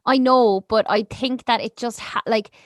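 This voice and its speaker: A young Irish woman co-hosting a marketing podcast, chatting casually with many fillers and quick laughs. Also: fairly high pitch, steady tone, dry recording, studio quality. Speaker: podcast co-host. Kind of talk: casual chat. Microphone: podcast mic.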